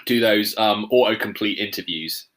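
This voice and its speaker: Bright-voiced man with dry sarcasm. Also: fairly low pitch, moderate pace. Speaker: podcast co-host. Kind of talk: casual film chat.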